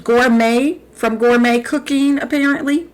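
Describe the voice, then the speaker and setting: A young adult woman streaming live, giving animated gameplay commentary and talking back to the characters on screen. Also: high voice, a little slow.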